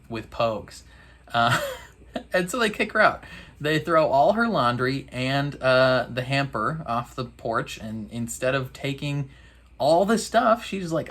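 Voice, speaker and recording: A man's voice: medium pitch, a bit bright. A man casually recapping a TV episode, laughing often and talking in a loose, slangy way. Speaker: reaction video host.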